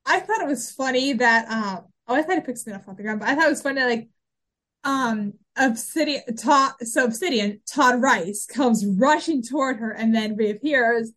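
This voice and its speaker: A woman co-hosting a podcast, talking in a relaxed, chatty way. Her voice sits a little high, and she often trips over her words and starts her sentences again. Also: moderate pace. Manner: chatty, frequent restarts and fillers. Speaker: podcast co-host. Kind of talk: casual chat recapping a TV episode.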